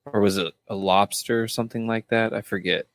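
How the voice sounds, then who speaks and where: A man's voice: on the low side, fairly even intonation, fairly quick, no echo. A man co-hosting a podcast in casual chat, laughing often and speaking in an offhand, unsure way. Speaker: podcast co-host.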